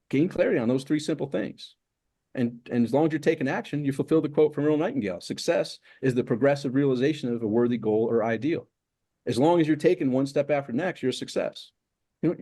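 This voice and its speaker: A middle-aged success coach with a warm, mid-range voice is interviewed, and he keeps returning to emphatic lists of steps.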